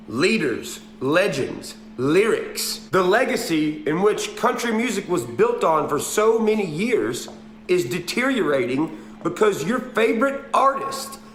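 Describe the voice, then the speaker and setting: Blunt man, lively defiant voice. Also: on the high side, slight background noise. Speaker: country musician in a clip. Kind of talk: monologue to camera. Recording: roomy clip with faint ambience.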